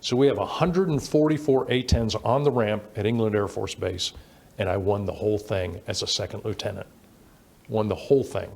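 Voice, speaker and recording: A middle-aged man telling animated stories as an interview guest, acting out quoted dialogue as he goes. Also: lowish voice, moderate pace, creaky. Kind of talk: storytelling in a conversational interview.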